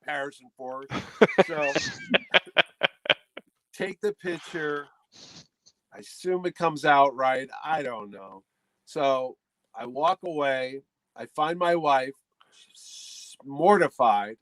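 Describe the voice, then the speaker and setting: Animated higher-voiced man telling a story. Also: takes it slowly, pauses often, poor audio. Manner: animated, acts out quotes in the story. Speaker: podcast host. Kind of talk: casual chat, comic storytelling.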